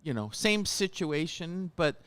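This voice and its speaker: A man's voice: a little high, sing-song, a little slow, fairly bright tone, clean tone. A man guest hosting a live radio show, chatty and jokey, chiming in often. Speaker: guest host. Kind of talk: casual radio chat.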